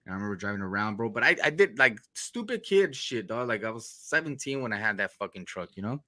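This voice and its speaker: Lowish bright-voiced podcast host, swears a lot, dry close mic. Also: male voice, animated, fast talker, no room sound. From Los Angeles area. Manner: profane, laid-back slang. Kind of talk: casual storytelling.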